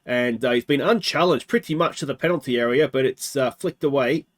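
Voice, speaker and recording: An Australian man with a medium-pitched voice talks briskly as he hosts a let's play of a football management game. His commentary is chatty, and he keeps posing rhetorical questions to himself.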